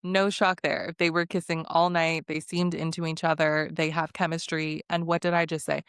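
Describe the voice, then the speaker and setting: Chatty sarcastic young woman, low and dry. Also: little pitch movement, normal speed, a bit bright, clean tone, no room sound. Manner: chatty and sarcastic, laughs often. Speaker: recap host. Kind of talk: casual reality TV recap vlog.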